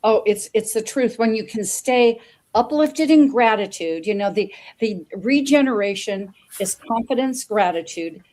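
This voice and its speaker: A woman's voice: on the high side, expressive, measured pace, darkish tone. A woman hosting an interview show, talking in an effusive, rambling way and often repeating words as she goes. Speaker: show host. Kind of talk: enthusiastic interview chat.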